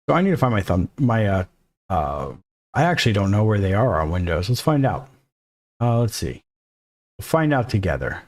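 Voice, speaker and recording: A man's voice: on the low side, sing-song, moderate pace, long pauses. Joking man thinking aloud while coding. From Mexico. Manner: jokey, thinks aloud, self-deprecating asides. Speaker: coding instructor. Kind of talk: casual screen-recorded coding lesson.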